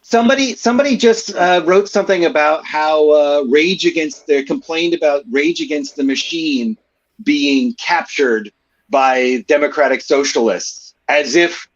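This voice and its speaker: Male panelist, mid-pitched, loose rambling delivery, muffled lo-fi audio. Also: unhurried. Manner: rambling, many fillers and restarts. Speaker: podcast panelist. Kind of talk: casual chat.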